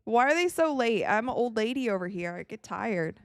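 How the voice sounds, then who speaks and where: Watching a game live, an excitable woman from the United States gives casual stream commentary, yawning from tiredness but reacting fast and laughing frequently. Her pitch leans high, and the audio is studio quality with no room sound.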